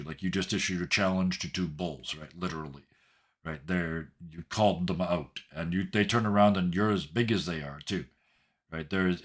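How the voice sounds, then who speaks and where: A man with a very low voice runs a tabletop role-playing game as game master. He narrates the action loosely, padding it with fillers and checking in with a frequent "right?". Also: a bit bright.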